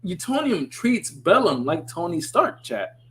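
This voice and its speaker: A man hosting a podcast, reading a script aloud and breaking off into excitable, riffing commentary. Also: high-pitched, measured pace. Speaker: podcast host. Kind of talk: casual chat while reading a script aloud.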